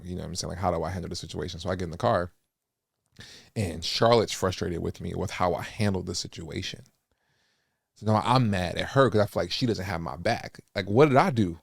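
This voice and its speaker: A man in his thirties from Los Angeles, hosting and telling a story in a casual, animated way that acts out the people he quotes. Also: deep voice, moderate pace, creaky, no echo, studio quality. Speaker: host.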